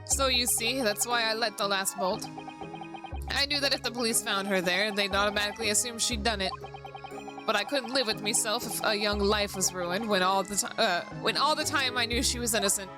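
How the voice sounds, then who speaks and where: A woman's voice: medium pitch, brisk, natural voice. A woman voicing a jovial middle-aged Irish man with a put-on Irish accent, folksy and rambling, over background music. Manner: folksy, rambling, old-fashioned turns of speech.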